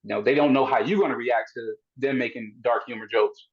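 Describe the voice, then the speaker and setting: Podcast host guy, rambling deep questions, kinda dull muffled sound. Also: brisk, crowd noise. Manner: probing, rambling questions with many restarts. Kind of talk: casual philosophical chat.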